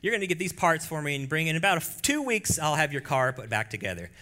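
A breezy, offhand male car mechanic, as a preacher puts him on in a sermon. His voice is bright, and he delivers the bad news in a quick, matter-of-fact way. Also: fairly high pitch, big pitch swings, pitched above the performer's own voice.

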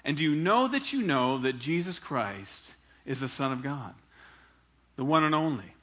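A pastor preaches a sermon at normal speed in a conversational, animated way. He asks the congregation for responses and acts out quoted voices with big swings in pitch and loudness.

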